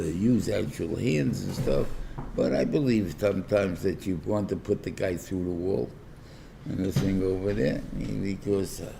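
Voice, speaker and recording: An older man, a rabbi giving a Torah class lecture, talking haltingly with many repeated words and acting out little dialogues. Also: sits low, creaky, dark tone, a little hiss or hum. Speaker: rabbi teaching a weekly class.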